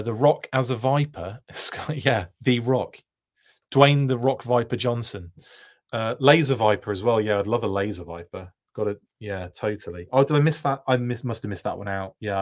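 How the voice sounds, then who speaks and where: A low-voiced man rambles through a casual livestream reaction. He keeps breaking off and restarting his sentences while he answers comments from viewers. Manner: chatty, self-interrupting, answers viewer comments. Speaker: host.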